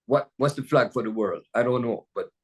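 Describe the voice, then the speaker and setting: A man's voice: mid-range voice, brisk, breathy edge. An older man from Jamaica with a Jamaican accent, a jazz pianist telling stories in a casual conversation over a video call, rambling and restarting often. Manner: rambling, storytelling, many restarts and "you know"s.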